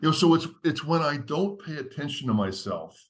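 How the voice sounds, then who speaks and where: A man speaks as a podcast guest, laying out a step-by-step framework in an earnest, teacherly voice. His delivery is structured and steady, like a seasoned author explaining ideas in conversation. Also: a little high, brisk.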